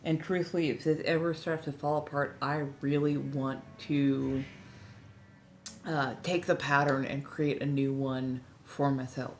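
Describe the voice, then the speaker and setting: A Southern California woman in her forties, slightly tipsy at a friend's house, rambles and chats on a casual livestream she hosts. Her voice is low, steady and a little mellow, moving at a moderate pace.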